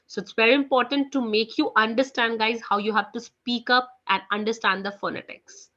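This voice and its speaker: A woman's voice: a little high, steady tone, fairly quick, sharp tone, dull audio. A woman teaching French in a live online class, chatty, leaning on "you know" and "guys". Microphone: video call.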